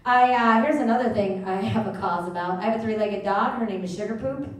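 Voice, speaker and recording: A woman's voice: mid-range voice, fairly quick. Brash, profane woman comic on stage. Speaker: stand-up comedian. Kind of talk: stand-up comedy set. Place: live comedy theater stage. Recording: echoey theater, mic at a distance.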